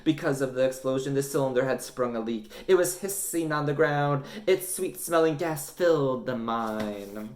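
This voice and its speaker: A man reading a children's book aloud, narrating with lively drama. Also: mid-range voice, moderate pace, hardly any pauses, reverberant. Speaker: storyteller.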